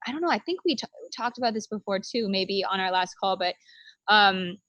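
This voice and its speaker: A woman's voice: mid-range voice, expressive, brisk, a bit bright, no echo. Chatty host woman, dry close sound. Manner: rambling, acts out quotes. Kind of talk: casual conversation.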